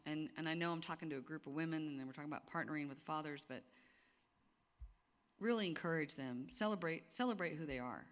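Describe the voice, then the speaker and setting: A middle-aged woman talking casually to a group of women, chatty, with lots of restarts and asides. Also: sits low. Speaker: speaker at a women's gathering. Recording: long hall reverb.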